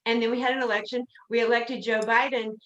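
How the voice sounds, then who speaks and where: A woman's voice: fairly high pitch, little pitch movement, quick pace, muffled recording. A woman co-hosting a casual podcast chat, playful and laughing through her lines. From United States. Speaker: podcast co-host.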